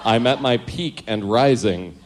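A man's voice: medium pitch, a little slow, background noise. A man reading aloud from an old diary, dry in delivery and breaking in with amused, self-mocking asides.

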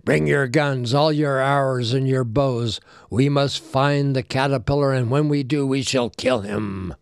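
A man's voice: mid-range voice, fairly even intonation, measured pace, creaky, clean tone, no room sound, studio quality. A man voicing a village chieftain in a storybook tale, giving orders and then stammering with fear. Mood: commanding. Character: frightened village chieftain, male adult.

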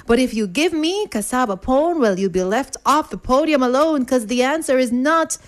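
A woman's voice: sits high, lively intonation, normal speed. A woman hosting a radio quiz, reading listeners' answers in a playful, rhyming patter.

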